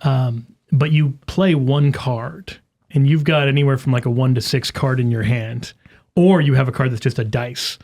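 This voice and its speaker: A man's voice: mid-range voice, fairly even intonation, normal speed, a little mellow. A man talking as a guest in a casual chat, talkative and self-deprecating.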